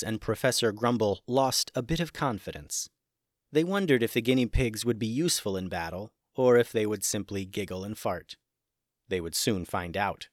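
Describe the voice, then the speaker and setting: A man narrating a scripted children's adventure story in an animated, dramatic way. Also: on the low side, no room sound, clean studio sound.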